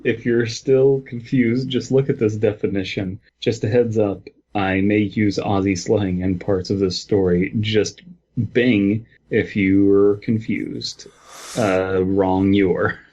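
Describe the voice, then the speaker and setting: Slow husky man on a lo-fi mic. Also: lowish voice, fairly even intonation, warm tone. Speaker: podcast co-host. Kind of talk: casual podcast chat. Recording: dull lo-fi mic.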